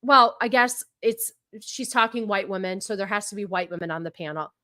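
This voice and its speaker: A woman streamer reacting to clips in casual commentary, sarcastic and ranting, mocking and quick to laugh. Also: medium pitch, pushed and bright, dry recording, clean studio sound.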